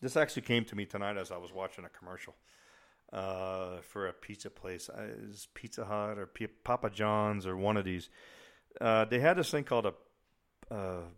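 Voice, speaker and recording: A man's voice: fairly low pitch, normal speed, a bit bright. A middle-aged man hosting a casual podcast, ranting in an exasperated, rambling way and poking fun at himself. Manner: exasperated, rambling, self-mocking. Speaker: podcast host.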